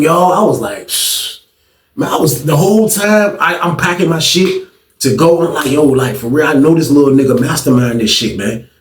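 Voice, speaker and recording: A man telling a story from his past in a casual, animated way, full of slang and repeated lines, acting out what people said. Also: on the high side, creaky. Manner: animated, slangy, repetitive, acts out quotes. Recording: echoey room, distant mic.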